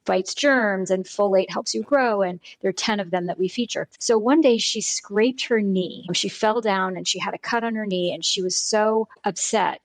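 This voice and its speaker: A middle-aged woman speaking as a podcast guest, earnest and storytelling, often checking in with "right?". Her voice sits at an ordinary pitch and sounds close and dry, with almost no room echo. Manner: warm storytelling, earnest, frequent "right?" and "you know". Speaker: guest, pediatric nutrition program founder. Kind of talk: conversational podcast interview.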